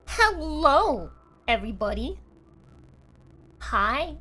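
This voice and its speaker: A woman's voice: fairly high pitch, animated, slow pace, pauses often, slight background noise. A young woman with a British accent chatting playfully with her viewers on a live stream, often laughing. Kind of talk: casual live-stream chat.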